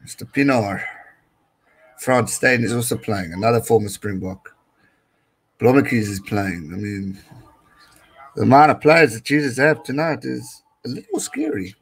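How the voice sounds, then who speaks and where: A man's voice: medium pitch, expressive, measured pace, long pauses, slightly rough, poor audio. Chatty South African man streaming rugby. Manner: chatty, mixes English with Afrikaans phrases. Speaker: live stream host giving rugby commentary. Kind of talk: casual live-stream commentary, reading viewer chat.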